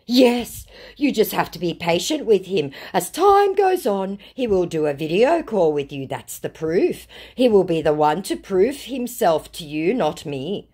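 A woman's voice: lowish voice, sing-song, a little slow, few pauses, a little mellow, breathy edge, pitched above the performer's own voice, full character voice. A woman reading out the lines of a pushy male scammer who claims to be a celebrity's manager, insistent and evasive.

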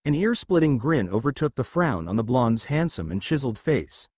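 A man narrating a fan fiction story in a steady storytelling read. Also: mid-range voice, moderate pace, slightly rough, no echo, studio quality.

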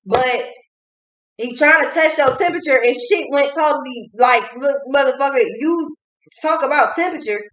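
A woman's voice: high voice, moderate pace, fairly bright tone. Blunt, profane woman tarot reader. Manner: blunt, profane, repeats phrases for emphasis. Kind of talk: casual tarot reading. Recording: echoey room.

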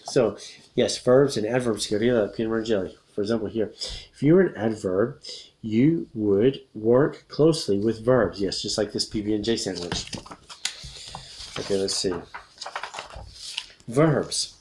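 Man, low voice, picture-book read-aloud lesson, repeats words, chuckles. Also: darkish tone, a little hiss or hum, poor audio. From America. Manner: slow, repeats key words, chuckles often.

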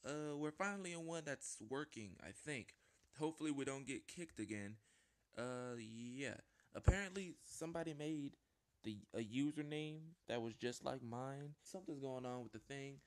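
A man giving live gameplay commentary at home, rambling and self-interrupting, jumping to squeaky panicked yelps and whiny pleading. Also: normal speed. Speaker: gaming video host. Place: at home with a small dog.

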